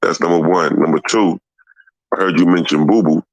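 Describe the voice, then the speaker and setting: Deep-voiced man asking questions. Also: fairly even intonation, dry recording, lo-fi sound. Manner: measured, asks multi-part questions. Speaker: interviewer.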